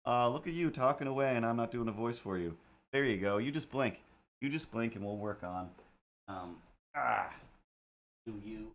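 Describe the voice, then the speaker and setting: A man's voice: mid-range voice, expressive, normal speed, pauses often. A man hosting a live drawing stream, chatting casually and mumbling playful asides to himself as he works. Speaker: live-stream artist host. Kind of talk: rambling live-stream chat while drawing.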